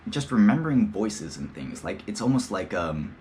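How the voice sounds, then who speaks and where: A man's voice: lowish voice, big pitch swings, normal speed, a little mellow, a little hiss or hum. A young man hosting a podcast, talking in a rambling, slangy, profane casual monologue and slipping into playful impressions. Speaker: podcast host.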